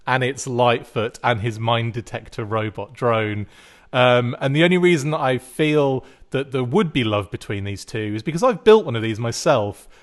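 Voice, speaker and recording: A man hosting a casual podcast chat, jokey and rambling, and he laughs often. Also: mid-range voice. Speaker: podcast host.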